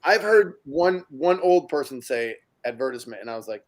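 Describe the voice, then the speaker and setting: A man's voice: medium pitch, animated, moderate pace. A man co-hosting a casual podcast, talking bluntly, swearing and laughing a lot. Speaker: podcast co-host.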